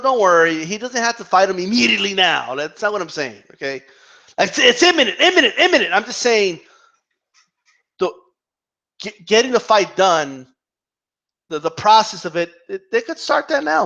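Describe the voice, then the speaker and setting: Heated and profane, a man's boxing rant for his vlog has him arguing with imaginary fans and getting tangled in repeated words. His voice is high, pushed and bright, and the recording is dull lo-fi.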